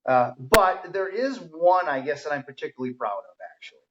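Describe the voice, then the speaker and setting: Firefighter guest, enthusiastic storyteller, higher voice, dull lo-fi audio. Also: male voice, lively intonation, fairly quick, background noise. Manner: enthusiastic storyteller, many ums and restarts. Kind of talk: casual podcast conversation.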